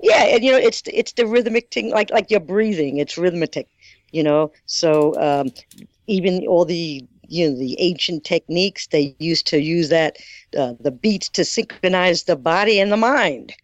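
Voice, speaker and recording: A man's voice: on the high side, normal speed, no room sound. A man with an accent, a guest talking casually about drumming, rambling with many fillers. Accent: non-native English. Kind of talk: casual chat. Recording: dull muffled sound, dry room.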